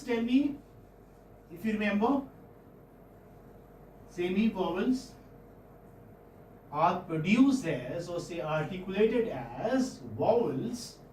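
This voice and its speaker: A man with an Indian English accent teaching phonetics in a classroom, questioning students and repeating sounds slowly. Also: sits high, darkish tone, a little hiss or hum. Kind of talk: classroom lecture. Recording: echoey classroom, far-off mic, faint ambience.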